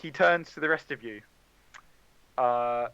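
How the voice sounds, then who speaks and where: A man's voice: mid-range voice, measured pace, pushed and bright, smooth, dry recording, dull audio. A man running a tabletop game as dungeon master, narrating casually with many fillers.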